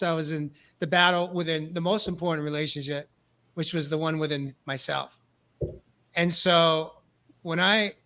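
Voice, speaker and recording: A man's voice: on the high side, a bit bright. A male host talking earnestly in a casual discussion, often repeating words as he starts a thought. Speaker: podcast host. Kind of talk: casual talk show discussion.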